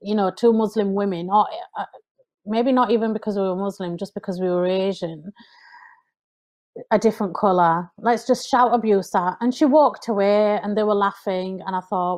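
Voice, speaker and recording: An earnest woman with an English accent recounts her story as a podcast guest. Her voice sits at a middle pitch, and she grows animated whenever she quotes someone. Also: moderate pace. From United Kingdom. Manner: earnest, animated when quoting people. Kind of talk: conversational storytelling.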